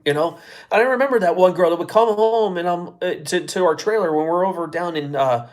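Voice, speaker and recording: A man's voice: high-pitched, fairly quick. A man hosting his own live show, ranting casually with a lot of profanity and exasperation. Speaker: show host.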